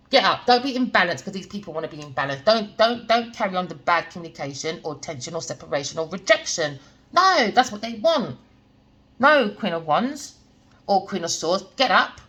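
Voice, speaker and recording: A woman's voice: mid-range voice, a bit bright. Emphatic woman reading tarot. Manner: emphatic, repetitive, lecturing the viewer; slangy and blunt. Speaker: tarot reader.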